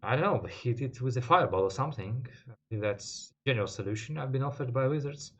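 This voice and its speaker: Man voicing male NPC, formal, measured, wary, polite, mid pitch. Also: animated, fairly bright tone. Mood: courteous.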